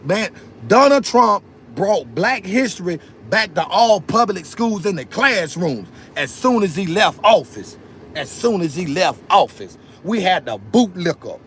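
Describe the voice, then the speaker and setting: A man's voice: high voice, sing-song, unhurried, a bit bright, a little hiss or hum. Fiery, preachy man on a livestream. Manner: fiery, preachy, repeats phrases, calls out to viewers. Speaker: livestream host. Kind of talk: political livestream rant.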